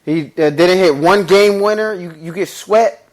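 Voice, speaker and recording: A fairly high-voiced man talks sports on a podcast, getting animated as he makes his point. He repeats words and restarts sentences in loose, slangy talk. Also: a little slow. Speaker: podcast co-host. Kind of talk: casual sports chat.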